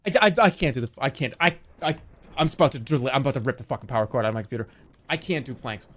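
A male streamer giving casual gameplay commentary, excitable and swearing, with loud shouting outbursts. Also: medium pitch, very fast.

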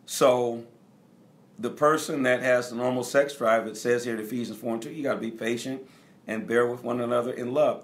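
A man's voice: medium pitch, fairly even intonation, normal speed. A middle-aged man preaching as a bishop, speaking directly to his congregation and repeating key phrases for emphasis. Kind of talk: teaching sermon.

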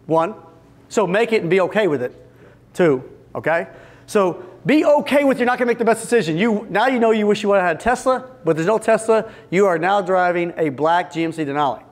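A man speaking to a live audience of fence business owners at a retreat, energetic and joking as he addresses the room directly and acts out little scenes. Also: high-pitched, fairly quick. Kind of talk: business seminar talk.

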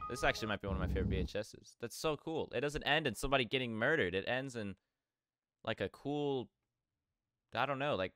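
A man hosting a reaction video, talking casually and excitedly, often repeating himself. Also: medium pitch.

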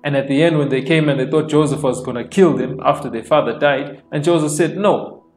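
Guy preaching a casual sermon, echoey room, soft worship music under it. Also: on the high side. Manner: repeats phrases, frequent amens and fillers, slows for emphasis. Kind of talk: informal online sermon.

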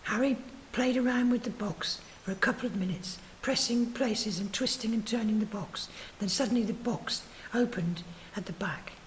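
A woman reading her own story aloud at a spoken word night, breathy and soft, sometimes stumbling and correcting herself. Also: on the high side, normal speed, a little hiss or hum, rough recording. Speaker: writers group reader.

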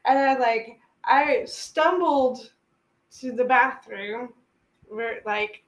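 Woman with a high voice telling a story slow and excited, lots of "like", echoey room. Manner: animated, exclaiming, lots of "like". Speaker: co-host telling a shared story. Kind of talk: casual storytelling.

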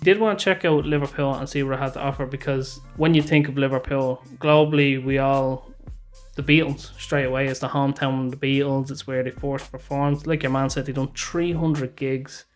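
An Irish man chatting casually on a reaction video, easygoing and a bit rambling. He has a middling pitch, and faint music sits behind him. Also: fairly even intonation, brisk. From Ireland. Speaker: reaction channel host. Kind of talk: casual chat.

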